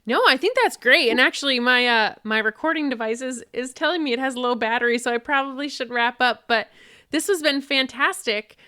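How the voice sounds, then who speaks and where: Bright, smooth woman host. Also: high voice, brisk. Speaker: podcast host. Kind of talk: interview.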